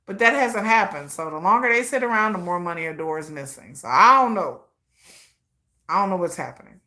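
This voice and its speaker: A woman hosts a casual commentary live stream with a bright, forceful voice. She talks in an animated, slangy, gossipy way and laughs often. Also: lowish voice, fairly quick.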